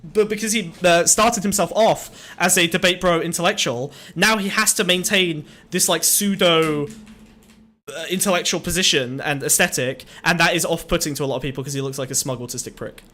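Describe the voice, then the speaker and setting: A man's voice: a little high, brisk, bright, forceful tone. A man co-hosting a casual podcast, reacting to a stream with exasperated, swearing, laughing banter. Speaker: podcast co-host.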